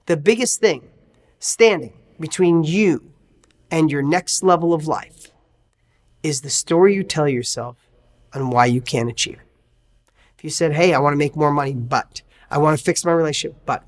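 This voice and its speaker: A man giving a motivational coaching talk as a success coach, emphatic and firing rhetorical questions at the listener. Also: sits high.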